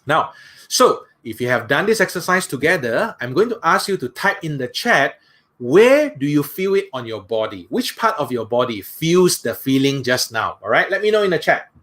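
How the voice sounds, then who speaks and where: A man's voice: a little high, very animated, a bit bright. Soothing man. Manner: slow soothing guidance, repeating "that's right" often. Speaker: workshop speaker. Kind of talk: guided breathing exercise and seminar talk.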